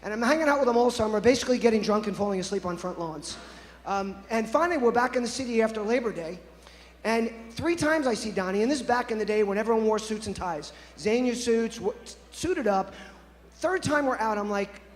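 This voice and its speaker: A man's voice: high-pitched, expressive, fast. A man in his fifties presenting at a conference, telling playful anecdotes and talking straight to the audience. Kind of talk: storytelling keynote talk. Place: conference stage. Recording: echoey conference hall.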